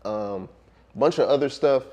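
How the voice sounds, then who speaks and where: A relaxed man talks as a guest on an interview show. His voice sits in a middle register, and he speaks reflectively, pausing often with ums and letting his thoughts trail off. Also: mid-range voice. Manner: laid-back, reflective, many ums and trailing pauses. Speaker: music producer guest. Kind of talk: casual interview conversation.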